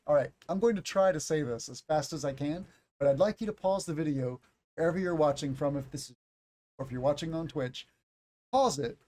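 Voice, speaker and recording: A man teaching English pronunciation on a live stream, explaining slowly, demonstrating sounds and joking, with a bit of sinus congestion. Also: fairly high pitch, a little mellow.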